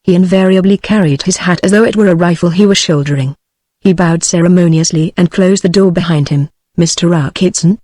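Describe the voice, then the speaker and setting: A text-to-speech woman's voice with a British English accent reading an audiobook in a measured, even way. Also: lowish voice, no echo. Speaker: audiobook narrator.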